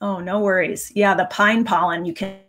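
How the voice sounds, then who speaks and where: Woman host, mid-pitched voice, chatty and keen. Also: steady tone, moderate pace, a bit bright. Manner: enthusiastic, chatty, reads viewer questions. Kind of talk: casual live video Q&A.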